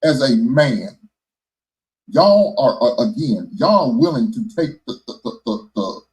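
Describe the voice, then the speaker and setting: A man's voice: mid-range voice, measured pace, rough recording. A man co-hosting a podcast, arguing bluntly and swearing in casual debate. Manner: blunt, profane, lively delivery.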